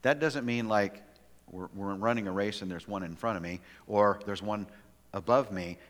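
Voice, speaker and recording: A man preaching a sermon as pastor, telling a story in a lively way with many restarts. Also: lowish voice, moderate pace. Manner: animated storytelling with frequent restarts. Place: church sanctuary. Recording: long hall reverb.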